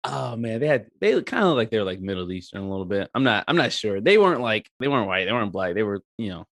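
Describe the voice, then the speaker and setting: A man telling a story as a podcast co-host, animated and rambling with lots of fillers and swearing. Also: fairly low pitch, fast talker, no room sound, studio quality. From Eritrea. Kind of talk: casual storytelling chat.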